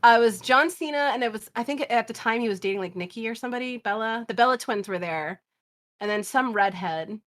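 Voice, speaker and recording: A woman in her thirties, a podcast guest, telling stories in casual chat, animated and swearing, laughing often. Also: fairly high pitch, fairly quick. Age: 30s.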